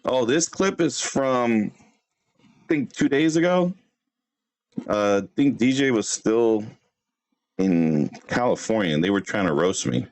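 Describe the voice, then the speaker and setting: A man hosting a livestream, roasting other streamers in brash, swearing, fast bursts. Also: on the low side, expressive. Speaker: livestream host.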